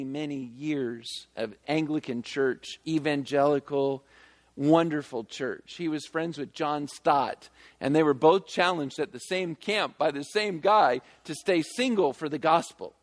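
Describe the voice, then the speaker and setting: A man delivers a sermon in a voice pitched a little high, pressing his points with emphatic energy and quick conversational asides. His words carry a long reverb, as if spoken in a large hall. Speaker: pastor.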